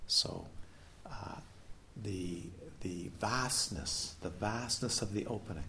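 A man's voice: on the low side, slow, bright, forceful tone, a little hiss or hum. A man giving a playful, questioning dharma talk as a meditation teacher at a retreat. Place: retreat hall.

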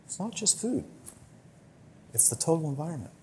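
A British man leads a retreat group in a relaxed, conversational teaching talk on meditation, with a fairly high-pitched voice. He moves easily between practical advice and stories, acting out the complaints of people he quotes. A faint hum of noise sits behind him. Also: moderate pace, pauses often.

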